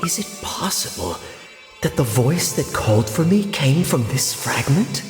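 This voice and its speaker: An actor playing a gentle, solemn male cookie mage who speaks in an earnest, measured way, with soft game music behind him. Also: mid-range voice, big pitch swings. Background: faint game music.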